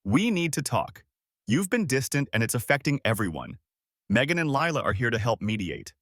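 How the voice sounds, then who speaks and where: A man voicing a smug, combative young woman who brags and mocks in a sharp tone. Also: medium pitch, wildly swooping pitch, moderate pace, no room sound, studio quality. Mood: theatrical. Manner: mocking, boastful, sharp.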